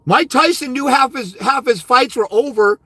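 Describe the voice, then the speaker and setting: A man's voice: very high-pitched, normal speed, sharp tone, dry recording. A man consultant giving a blunt, profane, berating livestream rant. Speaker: fathers' rights consultant. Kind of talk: ranting livestream monologue.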